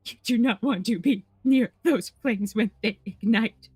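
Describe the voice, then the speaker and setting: A grave, melodramatic letter writer in an exaggerated mock-French accent, as a woman puts him on. The lines come slow and deliberate, in a bright, ringing voice from a dry, close mic. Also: on the low side, fairly even intonation, no echo, pitched below the performer's own voice, close to an everyday voice. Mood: sorrowful. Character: anonymous letter writer warning a businessman, grave and advising.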